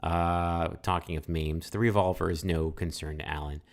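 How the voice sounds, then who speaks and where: A man with a very low voice talks his way through a text adventure. He reads the game text aloud and thinks out loud in a chatty way, with lots of fillers and restarts. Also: steady tone, normal speed. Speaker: let's-play host. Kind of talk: casual game playthrough, reading text aloud.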